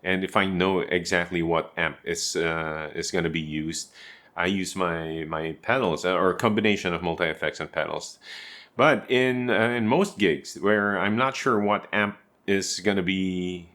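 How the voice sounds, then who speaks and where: Male guitarist, low voice, relaxed home-room tutorial delivery, talks the viewer through it step by step. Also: a little slow. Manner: chatty, explains step by step with asides to the viewer. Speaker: guitarist and teacher.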